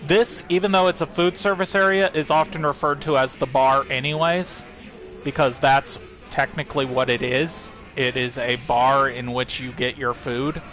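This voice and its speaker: A man hosting a let's play, casually thinking aloud and reading in-game documents in a relaxed, chatty way. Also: fairly high pitch, moderate pace, few pauses, faint music behind. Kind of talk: casual gameplay commentary.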